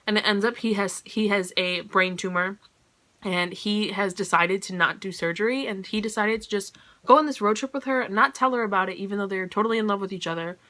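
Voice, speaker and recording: A woman's voice: mid-range voice, bright, forceful tone. A woman giving a casual, chatty book review, gushing and scattered with "like" and "you know".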